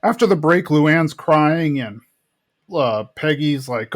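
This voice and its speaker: A man co-hosting a podcast, casually retelling scenes and quoting characters in a relaxed chat. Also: a little high, a little slow. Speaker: podcast co-host. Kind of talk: casual chat recapping a TV episode.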